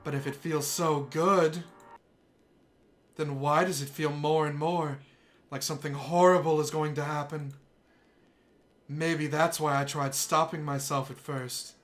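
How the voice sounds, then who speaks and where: A man voicing an obsessive, soft-spoken young woman, reading visual novel dialogue aloud in a hushed, intense voice. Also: fairly high pitch, steady tone, a little slow, pauses often, faint music behind, lightly acted.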